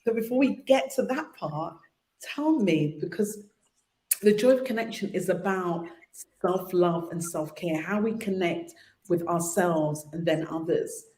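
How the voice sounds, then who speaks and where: A woman's voice: on the low side, measured pace, darkish tone. Lady host, chatty storyteller, sounds echoey in the room. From London. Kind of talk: casual interview chat. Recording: roomy.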